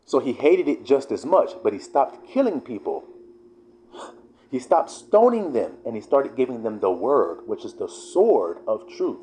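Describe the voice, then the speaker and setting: A man's voice: mid-range voice, big pitch swings, unhurried, mellow, a little hiss or hum. A man preaching in a fiery, emphatic, profanity-laced sermon style. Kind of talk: street-style sermon vlog.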